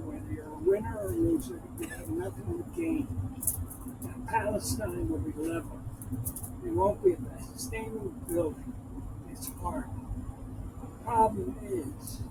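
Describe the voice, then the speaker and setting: A man in his nineties, a war veteran, telling stories emphatically and repeating key phrases, with loud background noise. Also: very high-pitched, vocal fry. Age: 90s. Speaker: WWII veteran guest. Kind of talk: storytelling interview.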